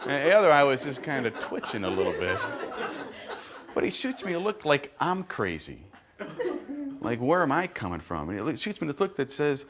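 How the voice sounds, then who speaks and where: A middle-aged man works a stand-up comedy crowd, his pitch leaping up and down as he tells stories and drops punchy asides. The live stage recording carries a clear layer of noise behind him. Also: brisk. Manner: animated storytelling with punchy asides.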